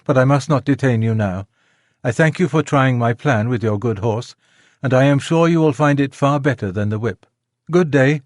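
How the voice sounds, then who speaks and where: Gentle, refined lady, polite and pleading, as read by a man; dry close studio sound. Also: mid-range voice, moderate pace, dry recording, lightly acted. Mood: earnest. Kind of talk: audiobook character reading. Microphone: close studio mic, dry.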